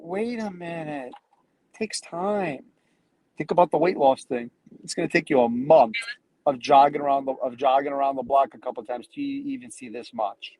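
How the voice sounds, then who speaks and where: A man giving a casual, energetic live coaching talk who acts out the people he quotes. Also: on the high side, breathy edge, low-quality recording. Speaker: business coach.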